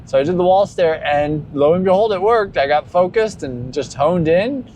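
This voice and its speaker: A man's voice: lively intonation, normal speed, a little mellow. Guy talking in his car, rambly and honest, bit of road noise behind him. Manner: candid and rambling, breaking into high exaggerated quotes. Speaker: vlogger. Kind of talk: casual spoken monologue. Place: inside a car while driving. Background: faint vehicle noise.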